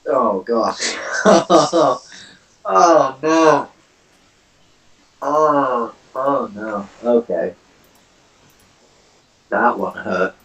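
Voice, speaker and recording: A man playing in a tabletop game, chatty and expressive, swearing and joking freely. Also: medium pitch, extremely slow, pauses often, distant mic. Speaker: player. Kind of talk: casual tabletop play. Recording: echoey room, away from the mic.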